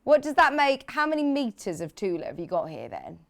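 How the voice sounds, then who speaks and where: A woman presenting products on live shopping television, chatty and enthusiastic, joking with the crew between sales pitches. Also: wildly swooping pitch, a little fast, gravelly, fairly bright tone.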